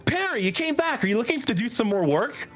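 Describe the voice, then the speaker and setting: A man's voice: very high-pitched, big pitch swings, brisk, fairly bright tone, faint music behind, pitched above the performer's own voice, heavily acted. A man voicing an eager young elf girl who insists she is a detective. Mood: excited.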